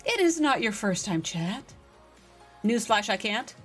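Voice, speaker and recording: A woman game streamer chatting casually on a live stream, reading and answering chat with excitable energy. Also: mid-range voice, a little slow, breathy edge, faint music behind.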